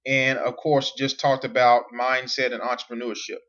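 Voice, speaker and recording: A man's voice: mid-range voice, level tone, moderate pace, a bit bright, dull audio. A man coaching on online business at a whiteboard, repeating key points and asking rhetorical questions. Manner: repetitive, emphatic, asks rhetorical questions. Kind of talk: whiteboard teaching monologue.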